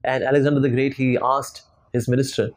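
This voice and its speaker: A man's voice: medium pitch, little pitch movement, fairly quick. A man with an Indian English accent giving a devotional lecture to students, telling stories with acted quotes and many fillers. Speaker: spiritual lecturer.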